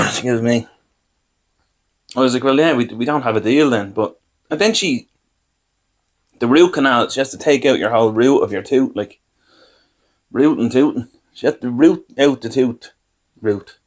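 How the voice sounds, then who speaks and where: With lively intonation, a moderate pace and long pauses, an Irish podcast host tells self-deprecating stories about his blunders. His middle-pitched male voice wanders loosely from tale to tale, and he acts out little bits of dialogue for comic effect.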